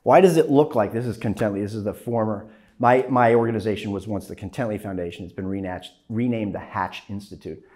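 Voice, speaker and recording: A man teaching a class, lecturing in an animated way, often tagging his points with "right?". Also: lowish voice, a little fast. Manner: animated, frequent "right?" tags, acts out phone calls. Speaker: journalism instructor.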